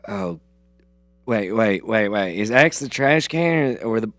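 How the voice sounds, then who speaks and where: A man's voice: fairly low pitch, lively intonation, a little slow, a bit bright, no room sound, pitched below the performer's own voice. A man reading the part of a nervous young backup quarterback in a script read-through, in a weak put-on Southern drawl, flustered and defensive. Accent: put-on Southern drawl, admittedly weak.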